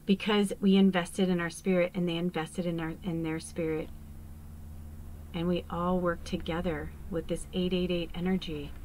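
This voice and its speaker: A woman with a lowish voice talks through a spiritual card reading. She rambles in loose, animated chat and often sinks into quiet, confiding asides. Faint room ambience hums behind her. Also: a little hiss or hum, rough recording. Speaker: psychic medium giving a card reading.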